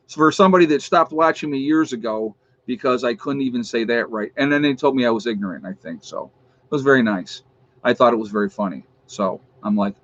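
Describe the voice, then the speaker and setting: In a muffled recording, a New York State man runs a livestream for his own YouTube channel, talking fairly quickly in a mid-range voice with a fairly bright tone. Amused and casual, he reads where viewers are from and pokes fun at trolls.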